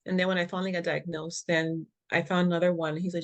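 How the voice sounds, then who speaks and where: A woman guest in an interview, speaking as a patient advocate and telling a frank, lively story that acts out the dialogue, with easy laughs and punchy slang asides. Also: on the low side, fast talker.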